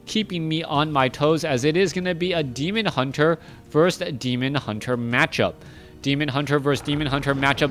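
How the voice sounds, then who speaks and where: A man casts a strategy match on his own, talking through every move in a chatty, self-correcting way. His voice sits fairly high for a man. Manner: chatty, self-correcting, rising excitement in big moments. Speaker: esports caster. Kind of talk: solo play-by-play game commentary.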